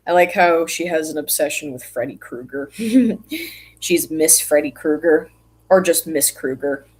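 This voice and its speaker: A woman's voice: low-pitched, lively intonation, a little slow, a little mellow, breathy edge, low-quality recording. A woman from the United States chatting casually on a livestream while she draws, rambling and poking fun at herself. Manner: chatty, rambling, self-mocking. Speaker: streamer.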